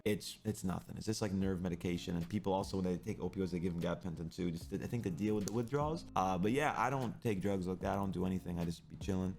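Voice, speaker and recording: A young man who streams, telling a personal story in an intense, rambling way that is full of swearing. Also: fairly low pitch.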